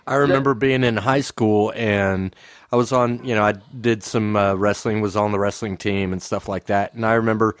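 A man's voice: lowish voice, steady tone, moderate pace, smooth, no echo, clean studio sound. Easygoing man co-hosting a chat. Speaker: co-host. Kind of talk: casual podcast chat.

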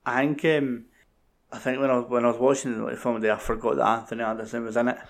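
Male co-host, gravelly voice, hesitant casual film talk. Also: medium pitch, flat delivery, fast. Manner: hesitant, searching for words. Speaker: podcast co-host.

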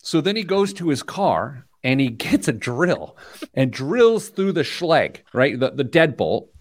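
A man's voice: fairly high pitch, measured pace, no room sound. A man hosting a radio show, telling stories and joking in casual chat from a studio. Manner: lively storytelling, joking. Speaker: host.

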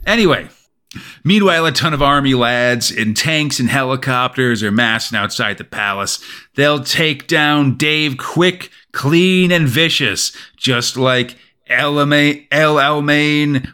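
Bright-voiced man recapping a comic. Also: mid-range voice, measured pace, clear, resonant tone. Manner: animated storytelling, hedges with "sort of". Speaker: podcast co-host. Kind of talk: casual chat recapping a comic.

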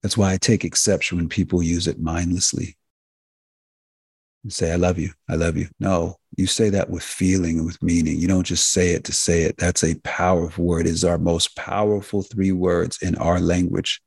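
A man with a very low, husky, fry-laden voice hosts a health talk radio show. He speaks in an emphatic, preacher-like cadence, repeating phrases for effect. His voice is recorded dry and close. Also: little pitch movement, normal speed, hardly any pauses, no echo. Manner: addresses listeners directly as folks and healers.

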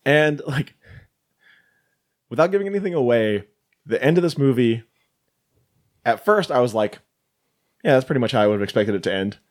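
Lively man chatting about a film. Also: mid-range voice, normal speed, pauses often. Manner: laughing, recounts scenes with quoted lines; animated, swearing. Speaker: podcast co-host. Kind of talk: casual chat reviewing a film.

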